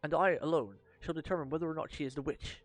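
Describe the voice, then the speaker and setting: A man's voice: fairly high pitch, fairly even intonation, moderate pace, lightly acted. A man voicing a relentless male judge who barks orders and threatens. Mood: menacing. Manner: commanding, forceful. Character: stern, relentless male witch-hunting judge.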